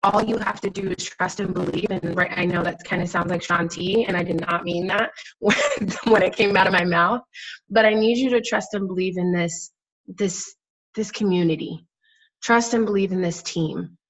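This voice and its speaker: A woman's voice: fairly low pitch, fairly even intonation, normal speed, low-quality recording. A young adult woman, pregnant and close to tears, giving an earnest, emphatic motivational talk over a video call from a friend's house. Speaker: guest network-marketing coach.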